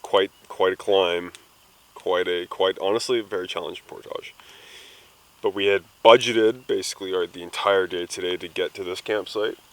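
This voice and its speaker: A man with a very low voice sums up a day of paddling from a wilderness campsite. His talk is relaxed and unpolished, and he stumbles over repeated words. It sounds like an informal video diary. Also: normal speed, poor audio. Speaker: canoe trip member recapping the day.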